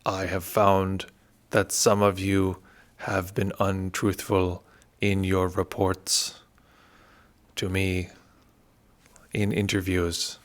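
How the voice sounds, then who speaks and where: A man imitating a stern, demanding older male meditation master with a put-on Burmese accent, speaking slowly and deliberately. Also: low-pitched, level tone. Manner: slow, deliberate, grave.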